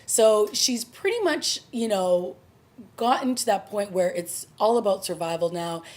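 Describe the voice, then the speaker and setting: A woman's voice: mid-range voice, lively intonation, measured pace, a little mellow. A woman casually reviewing a TV episode, recapping the plot in a chatty, conversational way. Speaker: TV review vlogger.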